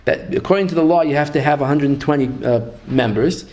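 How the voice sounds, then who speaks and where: A man with a Yeshivish English accent teaching a religious text, reading passages slowly and then explaining them in casual English. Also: on the high side, darkish tone. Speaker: Torah teacher. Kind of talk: text study lecture, reading and translating.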